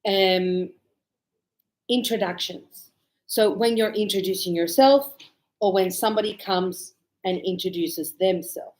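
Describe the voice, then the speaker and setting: A woman's voice: mid-range voice, unhurried, darkish tone. An Australian woman teaching English, chatty, acting out short example dialogues to explain everyday phrases. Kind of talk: online English lesson.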